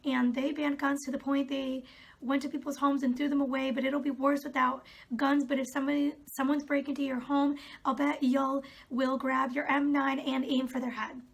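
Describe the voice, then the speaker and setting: A woman's voice: high voice, level tone, normal speed. A young woman vlogging, reading out comments and answering them in a sarcastic, exasperated way. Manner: exasperated, sarcastic, laughs often. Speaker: video creator.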